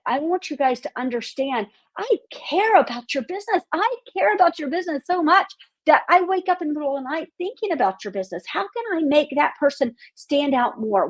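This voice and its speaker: A woman hosting a marketing podcast, speaking bluntly with profanity and a fired-up, outspoken manner. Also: high-pitched.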